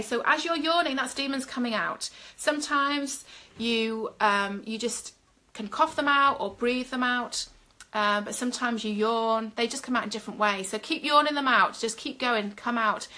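Middle-aged woman minister, fervent, chatty live-stream preacher; a high, bright voice. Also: moderate pace, hardly any pauses. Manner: fervent, talks directly to viewers with filler ums.

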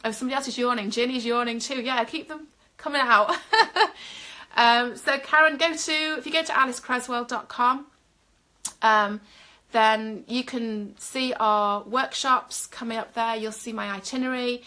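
Fervent woman minister, bright voice. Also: fairly high pitch, normal speed. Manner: fervent, talks directly to viewers with filler ums. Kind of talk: live-streamed prayer ministry.

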